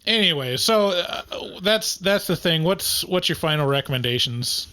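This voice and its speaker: A male podcast host chats casually, tossing in dry, sarcastic remarks and little sound effects. His voice is bright and a touch tense, and sits slightly high. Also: lively intonation, normal speed, clear, resonant tone.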